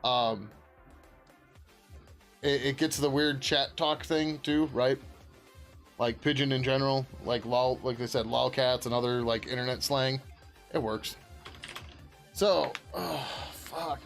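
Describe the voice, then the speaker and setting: A man who is a software developer streaming his work, chatting casually as he codes. He rambles, laughs often, answers his viewers and swears now and then. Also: mid-range voice, fairly even intonation, slow, gravelly, long pauses, soft background music. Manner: swears casually, many fillers. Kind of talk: casual live-stream chat while coding.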